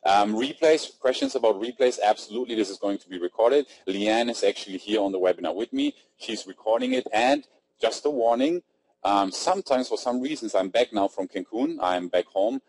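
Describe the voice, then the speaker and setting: A man's voice: fairly low pitch, very animated, a little fast, darkish tone, husky, low-quality recording. A man with a German accent hosting an online marketing webinar, chatty and upbeat, reading out attendees' names from the chat. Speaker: webinar host. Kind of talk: casual webinar talk. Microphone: computer mic on webinar.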